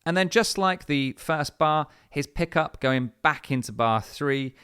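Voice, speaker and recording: On the high side and animated, yet unhurried, a man walks through a guitar lesson one step at a time. He explains things patiently, uses lots of fillers, and plays his own guitar in between phrases.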